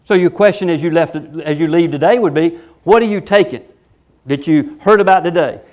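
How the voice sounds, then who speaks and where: A man's voice: a little high, normal speed. A man giving a workshop talk to college faculty, emphatic and rhetorical, acting out quoted voices and firing repeated questions at his audience. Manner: animated, acts out quoted voices. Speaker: faculty development speaker.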